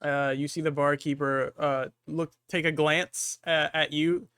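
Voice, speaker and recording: A man running a tabletop game as game master, who narrates in a halting way with many fillers. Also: a little high, little pitch movement, a bit bright, clean tone, no echo, studio quality.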